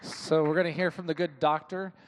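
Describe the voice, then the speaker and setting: A man's voice: a little high, flat delivery, fairly quick, slight background noise. Enthusiastic man telling a mission story. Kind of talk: church testimony sharing.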